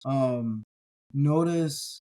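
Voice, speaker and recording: A man's voice: mid-range voice, extremely slow, dark tone. A man co-hosting a podcast, reading an ancient text aloud and lingering on how its sounds echo each other. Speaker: co-host biblical scholar. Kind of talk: reading and explaining Greek pronunciation.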